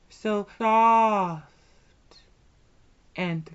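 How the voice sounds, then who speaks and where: A woman in a whispered role-play, speaking as a dominant hypnotist with a soft, commanding, drawn-out delivery. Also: medium pitch, highs cut off.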